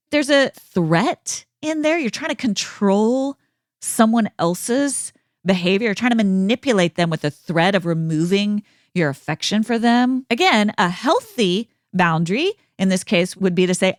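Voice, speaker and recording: A middle-aged woman hosting her own podcast, speaking in an earnest, measured teaching tone. Her pitch rises and falls a great deal as she stresses key words. She is recorded close on a studio mic in a dry room with no echo. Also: animated. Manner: earnest, measured, acts out example phrases. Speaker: podcast host and counselor. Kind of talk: calm teaching monologue with read sponsor ads.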